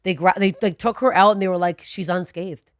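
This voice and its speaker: A woman co-hosting a podcast, telling a story in a profane, animated way that swings from low muttering to loud bursts. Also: fast, no room sound, clean studio sound. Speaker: podcast co-host. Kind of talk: storytelling in casual podcast chat.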